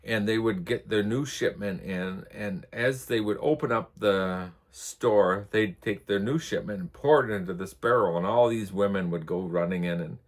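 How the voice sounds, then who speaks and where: With a lowish voice, this U.S. vlog host speaks at a normal pace with few pauses. He rambles through anecdotes in easygoing storytelling, laughing along the way.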